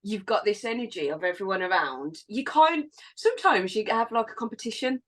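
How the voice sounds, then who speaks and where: A woman fitness instructor, a guest in a casual interview, telling her story in a chatty, animated way with fillers. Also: mid-range voice, a little fast.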